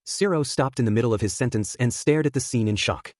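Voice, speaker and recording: A man narrating a first-person story in a steady, even reading voice. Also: medium pitch, fast talker, no echo, clean studio sound. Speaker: fanfiction narrator.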